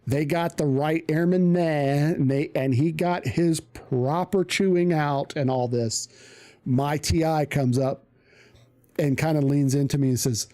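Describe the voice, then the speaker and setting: A man casually telling a profane story on a live stream, animated and acting out the voices of people he quotes. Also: a little high, a little slow.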